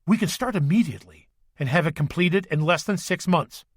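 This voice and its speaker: A stern, formal Army sergeant major who speaks in clipped, firm sentences, read by a man in an audiobook. The voice sits a touch high and is recorded close and dry, with no room around it. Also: brisk, husky, no echo.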